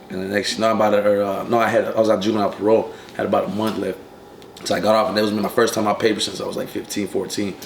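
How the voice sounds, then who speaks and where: Fast-talking streetwise young man, echoey room. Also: lowish voice, creaky. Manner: streetwise, profane, rapid storytelling with many fillers. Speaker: rapper, interview guest. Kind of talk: casual interview storytelling. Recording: echoey room with faint ambient noise.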